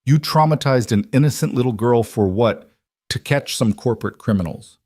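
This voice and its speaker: A man's voice: mid-range voice, normal speed, a little mellow, breathy edge, no echo, clean studio sound, pitched above the performer's own voice, lightly acted. A man reading the lines of a fierce, protective woman executive in a firm, emotional tone. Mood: furious.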